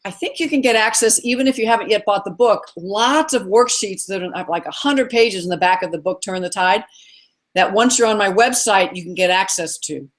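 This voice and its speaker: A woman's voice: mid-range voice, fairly quick. A middle-aged woman speaks as a guest over a video call. She sounds earnest and encouraging, with a mid-range voice, and strings long lists of ideas together. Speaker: guest expert. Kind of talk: live video call interview.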